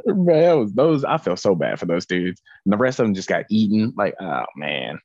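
An excitable man in a casual podcast chat, with a gravelly, husky voice whose pitch jumps wildly. The recording is dry and a bit dull. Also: moderate pace, dry recording. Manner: excitable, swears, laughs a lot. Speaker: podcast co-host.

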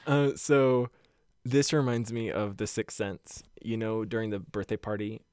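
A man co-hosting a casual podcast, telling a ghost story and then chatting in a profane, animated way. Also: fairly low pitch, measured pace, smooth, no echo, studio quality. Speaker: podcast co-host.

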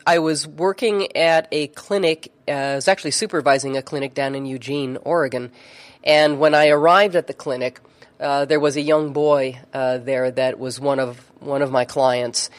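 A neurofeedback therapist telling a story in conversation, chatty, with frequent fillers and restarts. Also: mid-range voice.

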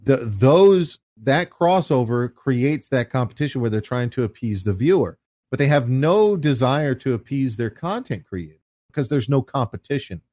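A man's voice: medium pitch, expressive, normal speed, darkish tone, no room sound. Profane ranting man, dry close mic. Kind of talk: casual podcast chat.

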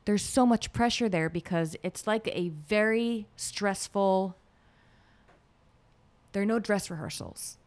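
A woman's voice: medium pitch, slow, a little mellow. A woman co-hosting a podcast in casual chat, giving thoughtful, analytical commentary. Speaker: podcast co-host.

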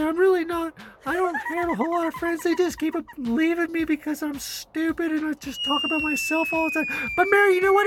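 A woman playing a vain, self-absorbed chatty woman, dramatically whining through a one-sided comedy phone call. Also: extremely high pitch.

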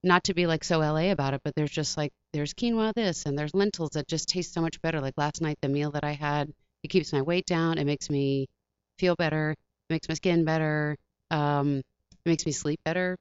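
Chatty actress guest, low smooth voice, close dry muffled studio sound. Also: female voice, normal speed, no room sound. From Washington, D.C. area. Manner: chatty, rambling, acts out quotes in voices. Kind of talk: casual interview chat.

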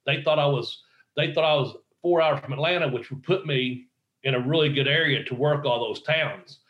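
A middle-aged man, a wrestler appearing as an interview guest, speaks in a mid-range voice at a moderate pace. He tells a rambling story full of swearing and quoted dialogue, and the dull audio carries a roomy echo.

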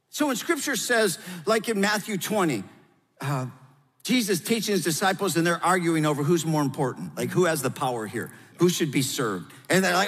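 A middle-aged man preaching as a pastor alongside his wife, animated and playful, then dropping low and earnest for his points. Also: breathy edge. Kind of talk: sermon with spouse, conversational. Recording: long reverb in large hall.

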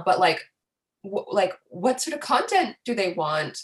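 A young woman from Canada, an influencer speaking candidly and earnestly in an interview, animated, with plenty of fillers. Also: medium pitch, unhurried. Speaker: guest, influencer.

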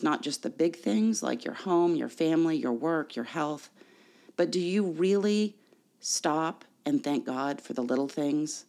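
This is a preacher giving a Sunday sermon. The delivery is measured and deliberate. The pitch sits in a middle range, and the preacher poses rhetorical questions to the listeners. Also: darkish tone. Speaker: pastor.

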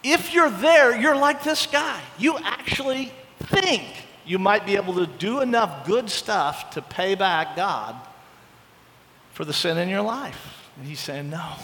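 A middle-aged man preaching a sermon as a pastor, animated and acting out the voices he quotes. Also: sits high, a little slow, long reverb tail.

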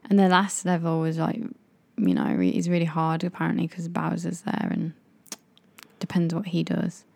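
Gravelly low-voiced woman chatting. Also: flat delivery, normal speed, a little mellow, no room sound. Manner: chatty, laughs easily, jumps into impressions. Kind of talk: casual chat.

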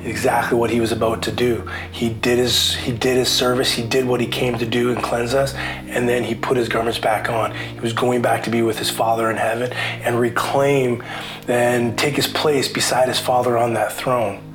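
A man preaching a casual sermon, chatty and animated, acting out voices as he retells the story. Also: mid-range voice, normal speed, reverberant, music in the background. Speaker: pastor.

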